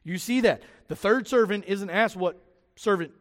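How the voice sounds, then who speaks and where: A man preaching a sermon as pastor, animated and lively, acting out the voices of the people he quotes. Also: high-pitched, moderate pace, long reverb tail. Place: church sanctuary.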